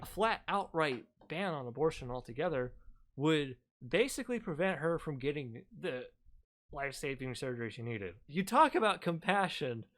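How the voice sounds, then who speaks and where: A man's voice: fairly high pitch, fairly bright tone. Sarcastic man reacting to a video. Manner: sarcastic, swears casually, frequent fillers. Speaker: commentary YouTuber.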